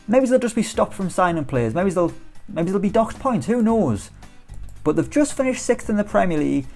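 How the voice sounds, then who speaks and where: Man, animated pitch, upbeat football game commentary, soft music underneath. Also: normal speed. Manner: chatty, upbeat, rhetorical questions. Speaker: gaming YouTuber.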